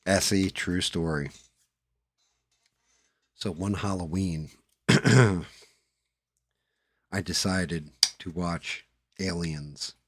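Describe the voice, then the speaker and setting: A man's voice: sits low, extremely slow, pauses often, no room sound. A man hosting a live stream, chatting casually and swearing as he paints at his hobby desk, talking into a headset. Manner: profane, mutters to himself while working. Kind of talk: casual chat while painting.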